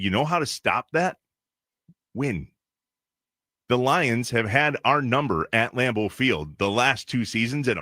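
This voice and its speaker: A man co-hosting a sports radio show, ranting in quick bursts in a casual talk style. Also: mid-range voice, bright, forceful tone, dry recording, clean studio sound. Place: radio studio. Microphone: studio microphone.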